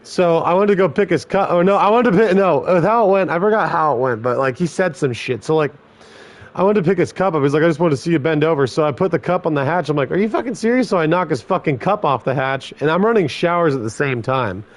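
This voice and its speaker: A former corrections officer telling blunt, heavily profane stories in casual podcast chat. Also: male voice, a little high, lively intonation, fast.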